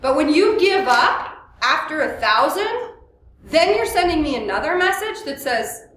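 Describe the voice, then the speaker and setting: High-voiced woman lecturing in an echoey room. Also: measured pace, a little hiss or hum. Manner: lively, asks the audience questions, acts out quotes. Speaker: therapist and workshop presenter. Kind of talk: live workshop lecture to an audience. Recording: echoey room, mic at a distance.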